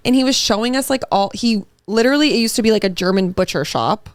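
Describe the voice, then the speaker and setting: A woman's voice: fairly high pitch, fast talker, clean tone, no echo. Chatty young woman, dry close sound. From Massachusetts. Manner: chatty storyteller, lots of "like". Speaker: podcast co-host. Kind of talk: casual chat.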